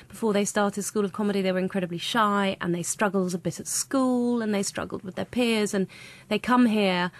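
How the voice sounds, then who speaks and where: A woman's voice: medium pitch, fairly even intonation, fairly quick. A woman who runs a comedy school, telling enthusiastic anecdotes in an interview. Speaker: comedy school founder and teacher. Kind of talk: interview answers.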